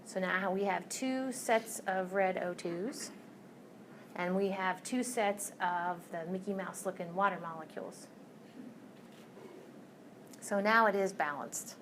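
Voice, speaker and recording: A woman's voice: medium pitch, takes it slowly, long pauses, noisy background. A woman teaching chemistry in a recorded lecture, chatty and self-correcting, with joking asides to her students. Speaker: chemistry instructor.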